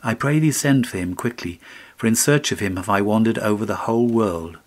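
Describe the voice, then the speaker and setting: Man doing a ragged beggar mom, begging and sad, low voice. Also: a little fast, close to an everyday voice. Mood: pleading. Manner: pleading, mournful. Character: poor ragged beggar woman, grieving mother.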